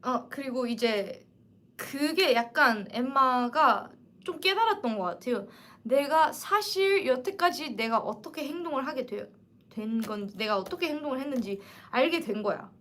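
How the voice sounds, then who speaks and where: A woman in her twenties hosting a casual livestream book chat, animated and emphatic. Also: high-pitched, racing. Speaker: livestream host.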